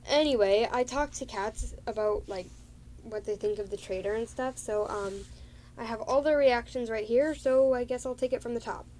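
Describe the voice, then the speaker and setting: A woman's voice: on the high side, normal speed, darkish tone, a little hiss or hum. A woman casually recapping a role-play story, rambling and giggling with many fillers.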